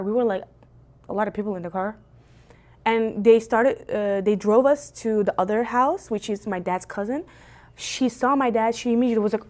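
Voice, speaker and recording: A young woman from Belgium streaming from home on a phone, telling a family story in a lively, animated way. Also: a little high, moderate pace. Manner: animated, lively storyteller with big jumps for quoted voices. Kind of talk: casual livestream storytelling. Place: indoors at home. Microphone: phone on a gimbal.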